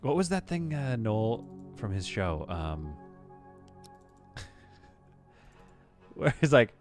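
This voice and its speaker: Lively rambling male game streamer. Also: medium pitch, takes it slowly, long pauses, soft background music. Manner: rambling and chatty, laughs often. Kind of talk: casual live gameplay commentary.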